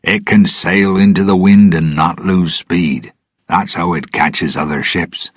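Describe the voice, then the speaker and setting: A man's voice: deep voice, steady tone, unhurried, breathy edge, no room sound, studio quality. A man voicing a worried older male ship's mate who calls orders urgently, in a storybook reading.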